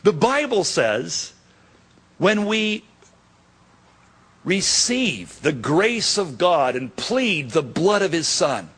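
A man pastor preaching a sermon, acting out dialogue in quotes with animated delivery. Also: fairly high pitch, slow pace, pauses often, husky.

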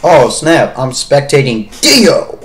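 Guy gaming with his friends, slow talker, voice jumps all over, bit of hiss behind. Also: medium pitch. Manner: excitable, yelps and shouts in panic. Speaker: gamer playing with friends. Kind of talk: excited gaming chatter.

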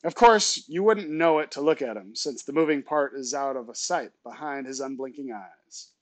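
A male teacher reading a novel aloud to his students, with relaxed, chatty asides between passages. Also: medium pitch, moderate pace, dry recording.

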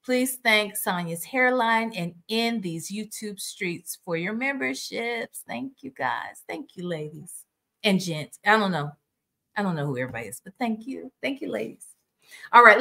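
A creaky, mid-range female voice at normal speed belongs to a livestream host doing casual reactions. She speaks to her viewers outspokenly and animatedly, cursing without restraint.

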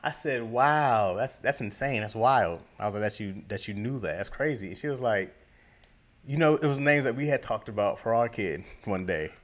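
A man's voice: fairly low pitch, lively intonation, normal speed. A man co-hosting a podcast, telling a casual story and acting out the quoted lines with frequent laughter. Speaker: podcast co-host.

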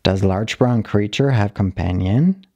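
A man calmly reading a short story aloud, narrating in the halting first-person voice of a dog. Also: on the low side, no room sound.

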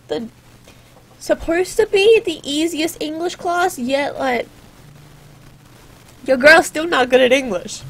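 High-voiced, chatty teenage girl gamer. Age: teens. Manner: chatty, rambling, playfully sarcastic. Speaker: gaming channel host. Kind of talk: casual gameplay commentary.

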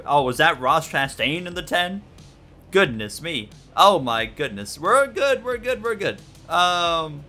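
A man giving excitable, jokey let's-play commentary on a racing game, yelping and repeating himself when things go wrong. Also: medium pitch. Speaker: gaming YouTuber.

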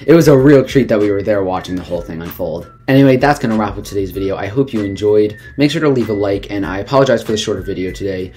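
A man's voice: on the low side, quick pace, hardly any pauses, warm tone. A man vlogging, telling a story in a casual, chatty way, often stumbling and repeating words.

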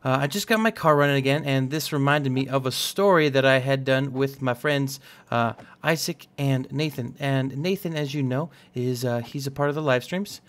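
A young man who hosts a gaming channel rambles through casual let's-play commentary on a building game, joking and poking fun at himself. His voice is medium in pitch and a bit bright, moving at a normal speed with few pauses.

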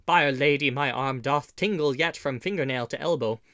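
A man's voice: medium pitch, normal speed, pushed and bright, dry recording, clean studio sound. A man voicing a bold, boisterous outlaw leader in an audiobook, speaking with hearty, emphatic old-fashioned speech. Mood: rueful. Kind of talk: audiobook character reading.

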